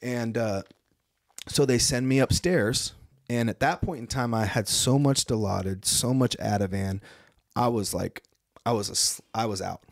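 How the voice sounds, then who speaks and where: A young adult man telling his story as a podcast guest, animated, acting out other people's lines and laughing often. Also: mid-range voice, normal speed, vocal fry, dry recording, studio quality. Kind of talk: casual storytelling.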